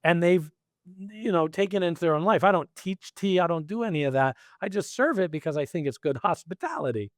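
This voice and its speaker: Podcast guest: middle-aged man, higher voice, animated storyteller with frequent laughs, dry close sound. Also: brisk, no room sound. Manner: animated, laughs often, acts out his own quoted lines. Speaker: podcast guest, executive coach. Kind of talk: casual interview chat.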